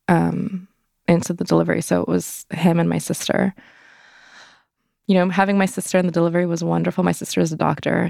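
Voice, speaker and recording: A woman's voice: sits low, creaky, a little mellow, dry recording, studio quality. A young woman telling a personal story in an interview, candid and loose, full of "like" fillers. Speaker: interview guest.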